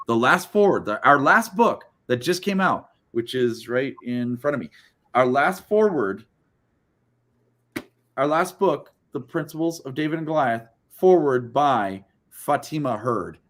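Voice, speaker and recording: A book launch livestream host speaks at a measured pace, with medium pitch, an expressive delivery, and a slightly bright tone. On the video call he stays upbeat and chatty, frequently laughing between comments as he hosts casually.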